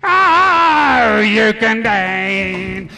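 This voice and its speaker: A man doing a gravelly, boozy Australian lout. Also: sits high, very animated, extremely slow, bright, forceful tone, heavily acted. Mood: crooning, bawdy. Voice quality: leering, blokey, gravelly. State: half drunk. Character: crude boozy middle-aged Aussie bloke, bragging lounge singer. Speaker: comedy impressionist. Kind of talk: stage impression with crooning. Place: live stage venue. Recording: echoey hall with band music.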